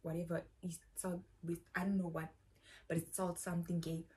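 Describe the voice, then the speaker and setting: A woman's voice: lowish voice, little pitch movement, normal speed, a little mellow. A young South African woman telling a casual storytime, rambling and slangy, often saying "bro". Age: young adult. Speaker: YouTuber.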